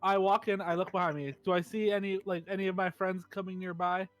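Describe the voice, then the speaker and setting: A man's voice: sits high, fairly even intonation, fast talker, soft background music. A man playing in a tabletop game, playful and laughing as he talks. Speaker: player. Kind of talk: casual game chat.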